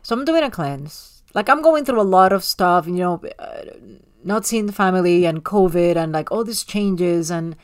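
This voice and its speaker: A woman co-hosting a podcast, chatting casually and telling stories in an animated way with frequent restarts. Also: lowish voice, normal speed. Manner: animated storyteller, many restarts. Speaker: podcast co-host. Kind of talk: casual chat.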